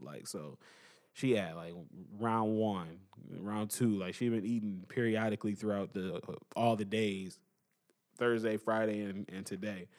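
A young man hosting a podcast, telling stories in a loose, rambling way with slang, joking and laughing, then going soft when things turn emotional. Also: fairly low pitch. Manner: animated, laughs and jokes between soft emotional stretches. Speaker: podcast host. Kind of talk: casual monologue. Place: at home.

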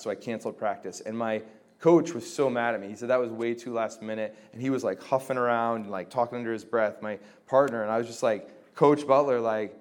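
A man's voice: medium pitch, a little mellow. A young man giving a casual teaching talk to a group on reconciling relationships, chatty and full of fillers, acting out quoted conversations. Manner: conversational, many fillers, acts out quoted exchanges. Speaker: Christian formation teacher.

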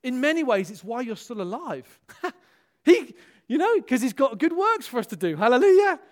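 A man with a very high voice preaches to his church at a moderate pace. As pastor, he tells stories and acts out quoted dialogue, animated and calling out hallelujah and amen often.

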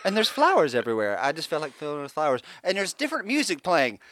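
A man co-hosting a casual chat show, making quick wisecracking reactions and swearing now and then. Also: fairly high pitch, wildly swooping pitch, fairly bright tone. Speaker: podcast co-host.

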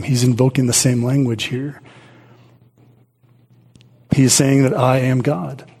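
Male pastor, husky tone, earnest sermon delivery with scripture reading. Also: medium pitch, little pitch movement, normal speed, long pauses, a little mellow. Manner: earnest preaching, reads scripture aloud with repeats and restarts.

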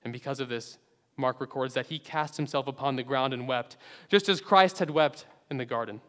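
A man preaching a sermon in an earnest, dramatic way, rising to loud emphasis and then dropping to hushed low endings. His voice sits at a middle pitch and rings out with a long reverb, as in a large church sanctuary. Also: normal speed.

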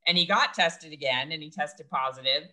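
A woman co-hosting a podcast over a video call, with a bright, sharp tone. She keeps the talk moving, prompting her friend and filling in the details in an upbeat way. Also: low-pitched, brisk. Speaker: podcast co-host.

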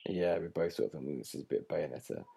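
A podcast co-host chatting casually, relaxed and steering the topics. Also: rumbling low, fast talker, vocal fry, slightly rough. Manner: relaxed, steers the conversation and laughs often. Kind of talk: casual chat.

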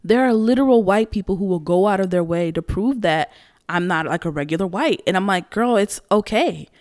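A woman's voice: lowish voice, a little fast, darkish tone. A young woman giving casual social commentary, blunt, profane and emphatic.

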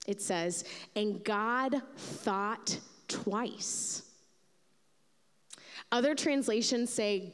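A woman pastor giving a sermon, telling a Bible story in an animated way and acting out its figures. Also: medium pitch, drawn-out words, pauses often, smooth, long reverb tail.

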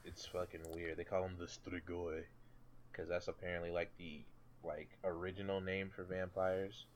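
A man's voice: low voice, level tone, normal speed, slight background noise. A man co-hosting a podcast in loose, casual chat, swearing and correcting himself as he goes. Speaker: podcast co-host.

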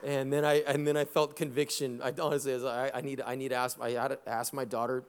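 Pastor preaching in an echoing church. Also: male voice, medium pitch, a little fast, smooth. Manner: conversational preaching with personal stories and laughs; lively, exhorting. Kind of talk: sermon. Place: church sanctuary. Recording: long hall reverb in a church.

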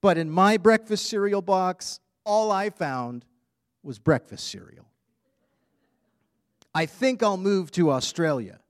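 A man's voice: high voice, animated, takes it slowly, long pauses, no echo, clean studio sound, voice pushed up. A man voicing a grumpy young boy who complains about his bad day, reading a storybook aloud.

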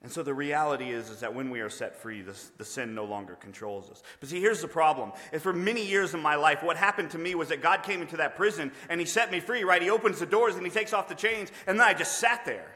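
A man's voice: fairly high pitch, animated, fast, hardly any pauses, pushed and bright. A man preaching a sermon, earnest and emphatic in a conversational way. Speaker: pastor. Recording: long reverb of a large hall.

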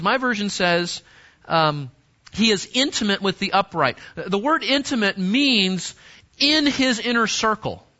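A man's voice: high-pitched, pushed and bright. A man preaching a sermon to teenagers, emphatic, repeating words and restarting phrases. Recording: dull lo-fi sound.

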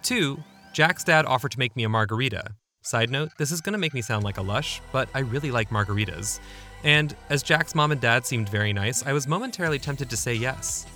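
A man's voice: medium pitch, expressive, fairly quick, sharp tone, soft background music. A young man narrating his own memoir in a wry, self-deprecating, conversational way. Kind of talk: memoir storytelling.

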